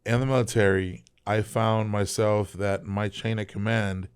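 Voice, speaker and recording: A man's voice: fairly low pitch, measured pace, clear, resonant tone. A man in his thirties from South Texas, a veteran guest telling army stories in casual, profane talk. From South Texas, Rio Grande Valley. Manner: animated, profane, laughs through his stories. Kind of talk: casual storytelling.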